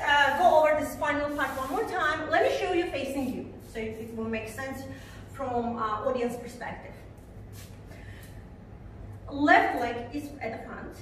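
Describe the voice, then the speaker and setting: A woman with a high, slightly bright voice teaches a belly dance routine in a studio, counting beats aloud and singing the melody in syllables as she demonstrates. She's off-mic and far away, with a roomy echo and slight background noise.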